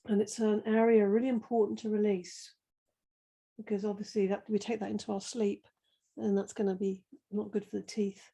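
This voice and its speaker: A middle-aged woman guiding a slow floor-based yoga class, giving gentle, soothing breathing and movement cues with many pauses. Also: medium pitch, little pitch movement, gravelly, husky, low-quality recording. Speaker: yoga teacher. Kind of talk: guided yoga class instruction.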